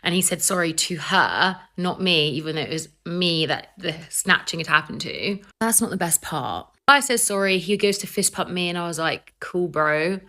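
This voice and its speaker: A woman's voice: lowish voice, lively intonation, moderate pace, few pauses, sharp tone. Young british woman chatting thru a storytime, acts out the quotes. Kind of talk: storytime vlog.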